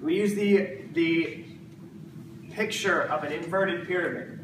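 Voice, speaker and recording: A male Bible teacher with a high voice speaks slowly in casual teaching to a small live group, chatty, humorous, and conversational as he jokes and acts out the voices of the disciples. He's recorded in an echoey room from a distant mic, with a noisy background.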